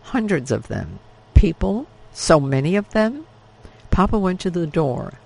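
Gravelly man reading an audiobook. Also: on the high side, sing-song, a little slow, low-quality recording. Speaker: audiobook narrator. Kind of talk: scripted audiobook narration.

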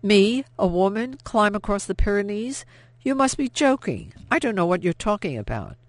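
A man's voice: fairly high pitch, animated, moderate pace, no echo. A man voicing a frightened but defiant young woman who protests in breathless, rising bursts. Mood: panicked.

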